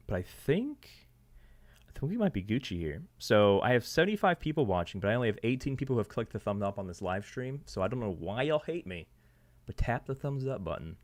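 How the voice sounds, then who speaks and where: A man with a slightly low voice hosting a live stream from his desk, talking straight to his viewers. He rambles in a loose, promotional way, full of ums and uhs. His voice is starting to wear out. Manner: loose, filler-heavy, promotional. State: losing his voice. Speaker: host of a sports betting live stream. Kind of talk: casual live stream chat.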